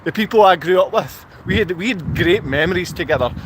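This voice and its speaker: A man's voice: sits high, animated, a little fast, noisy background. A man with a Scottish accent, rambling through a live-stream monologue outdoors in a car park and answering viewer comments as he goes. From Scotland.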